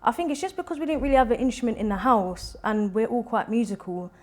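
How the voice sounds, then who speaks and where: A young woman, a singer-songwriter, chatting as a guest in an interview and telling stories with lively quoted voices. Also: on the high side, fast. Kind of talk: casual interview chat.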